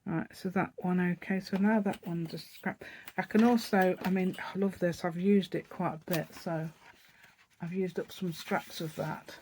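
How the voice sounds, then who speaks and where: Her voice is fairly low, with a darkish tone, fairly even intonation and a moderate pace, and there's slight background noise. She's a craft channel host with an East Midlands English accent, demonstrating a paper craft project step by step in a casual tutorial while chatting, rambling and thinking aloud.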